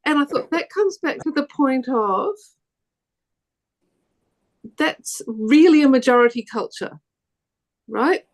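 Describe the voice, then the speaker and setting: A New Zealand woman on a discussion panel, talking in a fairly high voice. She rambles, corrects herself and restarts often, and turns lively when something annoys her. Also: a little slow, long pauses. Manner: chatty, rambling, with many restarts and self-corrections; laughs easily, animated when indignant.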